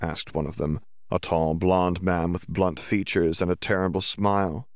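A man narrating a story as an audiobook reader, in even, steady storytelling. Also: sits low, normal speed, no room sound, studio quality. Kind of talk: scripted narration.

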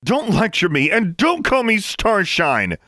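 A man's voice: mid-range voice, sing-song, moderate pace, no room sound, clean studio sound, pitched above the performer's own voice, natural voice. A man voicing an angry, defiant teenage witch girl in a fantasy audiobook, speaking sharply and indignantly. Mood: furious. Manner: sharp, indignant, raising her voice.

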